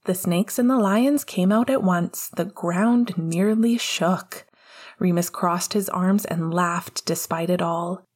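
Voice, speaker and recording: A woman narrating a fan-fiction audiobook with steady storytelling, giving the dialogue small character voices. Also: fairly low pitch, slow pace.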